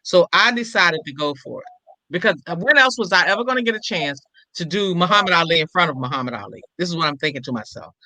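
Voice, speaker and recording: An older woman, a comedian and impressionist, telling a story in an interview and acting out every quoted line with lively shifts in voice. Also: lowish voice, fast talker, no echo, poor audio.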